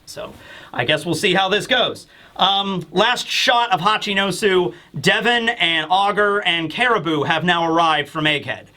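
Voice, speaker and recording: A man rambles through a comic chapter review in a bright, high voice. He speculates loosely with lots of fillers and slips into character voices. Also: lively intonation, measured pace. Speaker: manga reviewer.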